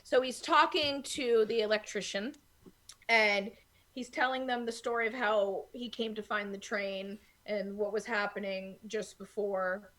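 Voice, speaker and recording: Woman, podcast co-host, chatty plot recap, self-correcting, mid pitch. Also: steady tone, fairly bright tone. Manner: chatty, retelling plot with quick restarts. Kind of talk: casual film discussion.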